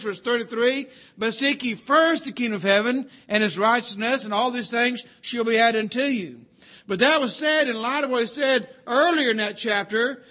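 Guy preaching, really high voice, bright and sharp, leans hard on repeated lines. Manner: earnest, repeats key phrases with slow emphasis. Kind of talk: sermon.

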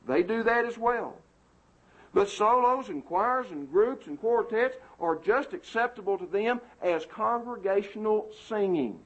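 A man's voice: high-pitched, lively intonation, a little slow. A man preaching an emphatic, indignant sermon to a congregation, recorded on a muffled lo-fi tape.

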